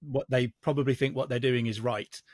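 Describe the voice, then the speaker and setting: A man's voice: mid-range voice, fairly even intonation, a little mellow, no room sound. Man explaining history, dry sound. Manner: measured storytelling with frequent restarts. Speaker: historian guest. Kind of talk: casual podcast explanation of history.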